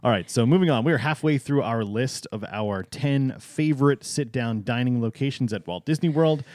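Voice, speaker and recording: A man's voice: medium pitch, moderate pace, dry recording. A man with a New England accent co-hosting a casual chat, joking and laughing often. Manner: jokey, laughs often, playful deadpan bits. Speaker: co-host.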